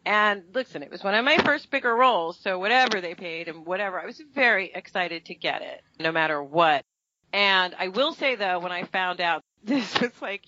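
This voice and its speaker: A woman actress chatting in an interview, telling stories animatedly and acting out other people's lines. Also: lo-fi sound. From New York. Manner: animated storytelling, acting out quotes with big pitch jumps. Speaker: actress and guest. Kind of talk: casual interview chat.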